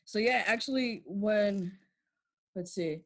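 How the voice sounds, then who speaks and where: A woman's voice: mid-range voice, slow, dry recording. A woman in her twenties telling a family story in a casual chat, acting out quotes, swearing freely and laughing often. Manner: animated storyteller, acts out quotes.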